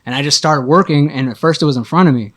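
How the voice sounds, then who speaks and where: A young man rattles through a rowdy story at a quick clip. His voice sits a little high for a man. He swears freely and acts out his own thoughts as he goes, like a guest on a casual podcast. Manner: animated, profane storytelling with acted-out inner voices.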